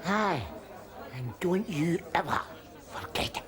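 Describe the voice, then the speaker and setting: A man's voice: high voice, big pitch swings, measured pace, a bit bright, some chatter behind, full character voice. A middle-aged man with a broad Glaswegian accent, playing a brash, combative street philosopher who rants in mock-grand speeches in a TV sitcom. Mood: ranting. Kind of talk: sitcom acting. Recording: TV sitcom audio with background noise.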